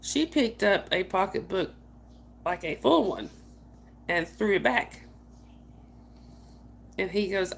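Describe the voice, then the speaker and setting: Creaky-voiced woman host, casual storyteller who keeps greeting her chat. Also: medium pitch, animated, slow pace, pauses often, a little hiss or hum. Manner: chatty, laughs often, addresses viewers by name. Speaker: livestream host.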